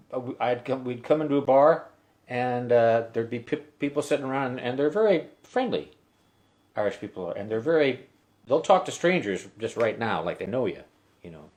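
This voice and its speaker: A man's voice: medium pitch, darkish tone. A middle-aged man casually telling a story between songs on his live stream, rambling with many halts and restarts. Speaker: musician hosting a live stream. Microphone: webcam stream mic.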